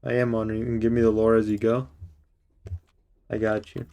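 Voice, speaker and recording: Low, even-toned man streaming a game. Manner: teasing, joking banter with a friend on voice chat; slow, measured reading voice when narrating game text. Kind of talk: playful live-stream gameplay chat and game-text narration.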